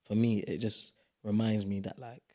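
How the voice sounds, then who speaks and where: A young man, a podcast guest in casual, animated chat. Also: fairly low pitch. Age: young adult. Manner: animated, playful, quick bursts of emphasis.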